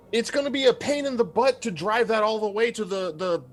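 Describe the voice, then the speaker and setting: Jokey male player, high and bouncy voice, offhand delivery. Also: expressive, normal speed. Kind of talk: casual tabletop game play.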